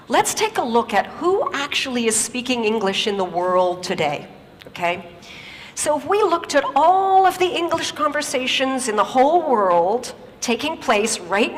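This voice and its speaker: A woman's voice: on the high side, a bit bright, in a large hall, a little hiss or hum, rough recording. A woman giving a stage talk. She tells stories emphatically and uses rhetorical questions and repetition.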